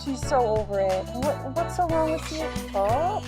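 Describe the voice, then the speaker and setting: A woman's voice: high-pitched, expressive, normal speed, loud music behind the voice. A woman gaming streamer chatting casually on a close mic, giggly and rambling. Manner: giggly, rambling, self-mocking. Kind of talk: casual live stream chat. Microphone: close to the mouth.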